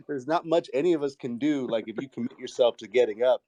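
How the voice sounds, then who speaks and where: A man hosting a casual podcast chat, relaxed and laughing easily. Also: medium pitch, normal speed, dry recording.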